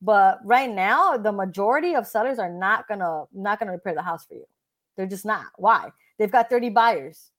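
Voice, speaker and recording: Blunt, animated woman realtor. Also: mid-range voice, normal speed. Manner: blunt, animated, acts out other people's lines. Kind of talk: casual interview talk.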